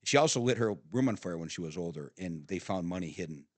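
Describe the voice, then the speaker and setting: A man's voice: deep voice, quick pace, dry recording. A middle-aged man telling family stories on a podcast, swearing freely and laughing between stories, often restarting his sentences. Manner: animated storyteller, swearing, frequent laughs and restarts. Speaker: podcast guest, father of the host. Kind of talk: casual storytelling chat. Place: studio.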